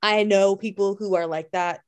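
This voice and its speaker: A woman's voice: medium pitch, steady tone, normal speed, clean tone. A woman co-hosting a podcast, responding sympathetically and asking questions in casual chat. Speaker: podcast co-host.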